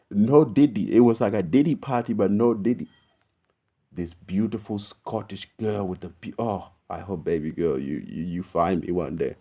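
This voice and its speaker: Australian male host, low and mellow, slangy, profane, rambling storyteller. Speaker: video host. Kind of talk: casual storytelling to camera.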